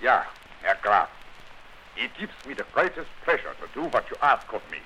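A detective in disguise, imitating a German nobleman with a put-on German accent. The delivery is stiff and formal, with a bright, forward tone and a faint hiss behind it. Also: mid-range voice, big pitch swings, normal speed, low-quality recording. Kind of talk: 1940s radio acting.

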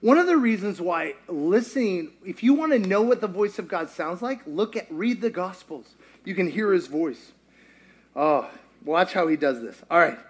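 A man preaching a sermon, high-pitched for a male voice. He talks with animated humor and acts out scenes for the congregation. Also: normal speed, husky. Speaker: pastor.

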